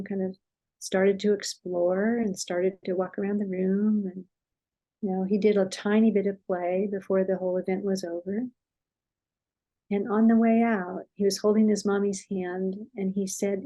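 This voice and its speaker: An older woman speaks with a gentle, soothing calm. Her voice is mellow and warm, and her pitch stays steady and even. She explains without hurry and drops into soft, reassuring tones. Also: poor audio. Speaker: parenting expert guest. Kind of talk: conversational explaining with a story.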